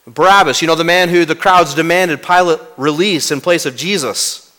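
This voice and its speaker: Pastor delivering a sermon, dramatic, voice falling to a near hush, fairly high-pitched man. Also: normal speed. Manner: dramatic, swinging from loud to hushed; rhetorical questions to the congregation.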